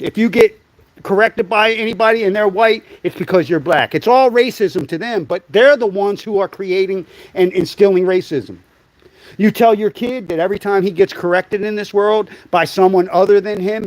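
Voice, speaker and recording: A middle-aged man holds forth alone on a livestream in a fairly high voice. He talks bluntly and swears freely as he tells stories. The sound is dry and close, with no room echo. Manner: blunt and profane, storytelling with acted quotes. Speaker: livestream host. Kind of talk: opinionated monologue.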